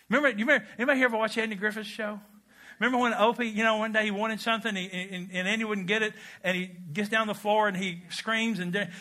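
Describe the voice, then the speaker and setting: Guy preaching in church, high bright voice, jokey, keeps asking the crowd stuff. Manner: animated, humorous, asks the congregation questions. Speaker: pastor. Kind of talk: sermon.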